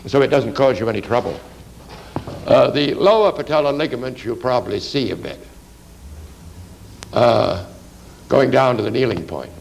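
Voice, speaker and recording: Gravelly man lecturing on anatomy drawing. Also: medium pitch, expressive, moderate pace, long pauses, a little hiss or hum, rough recording. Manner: rambling, conversational, lots of fillers and "you see".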